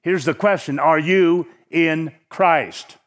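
Man preaching with slow emphatic stresses. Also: on the high side. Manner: emphatic, slows down to stress key words. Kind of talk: sermon.

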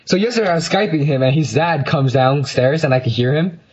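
A man's voice: a little high, animated, a little fast, darkish tone, husky, lo-fi sound. A teenage boy co-hosting a podcast, telling a rambling story with lots of fillers and laughs. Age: teens. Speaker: podcast co-host. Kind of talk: casual chat.

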